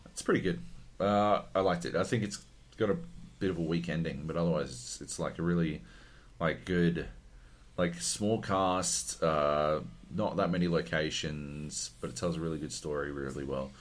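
A man's voice: rumbling low, moderate pace. A man co-hosting a podcast, chatting casually and animatedly, swearing and laughing as he rants. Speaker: podcast co-host. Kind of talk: casual chat.

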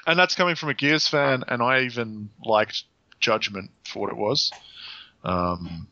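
A man rants animatedly about games, swearing freely as his thoughts ramble on. His voice is bright and forceful. It comes through a dull, dry mic with little room sound. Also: medium pitch, unhurried, no echo. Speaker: podcast co-host. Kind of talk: casual chat.

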